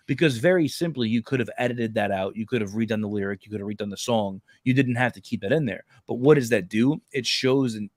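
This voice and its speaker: A man in his thirties hosting a casual faith podcast, an animated storyteller who keeps saying "yo" and "bro". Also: mid-range voice, no room sound, clean studio sound. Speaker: podcast host.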